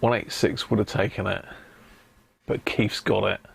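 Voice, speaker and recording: A man's voice: lowish voice, flat delivery, moderate pace, gravelly, breathy edge. A jovial man hosting a casual live stream, chatting and laughing with his viewers. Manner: jovial, laughing banter with chat. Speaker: live-stream host restoring a vintage radio.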